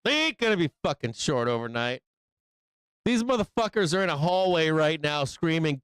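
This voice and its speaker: A man hosting a live stock trading show, swearing and yelling at the chart while he trades. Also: a little high, moderate pace, smooth, dry recording. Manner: profane, excitable, yells at the chart. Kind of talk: profane live market commentary.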